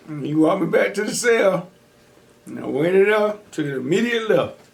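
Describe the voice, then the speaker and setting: Brief: young male mukbang host, animated storyteller with quick laughs, a touch high-pitched. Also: gravelly. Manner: animated, laughs often, acts out quotes. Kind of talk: casual storytelling while eating.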